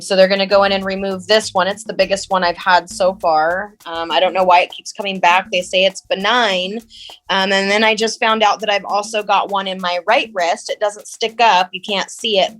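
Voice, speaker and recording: A middle-aged woman co-hosting a podcast, chatty and quick to laugh. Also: medium pitch, a bit bright. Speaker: podcast co-host. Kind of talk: casual chat.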